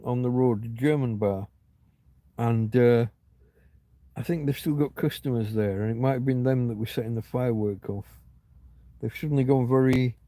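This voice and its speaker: With a mellow voice of medium pitch and no room sound, a middle-aged man hosts a rambling, casual livestream from his home on his phone. He wanders into reminiscing and often drops a thought midway before restarting it.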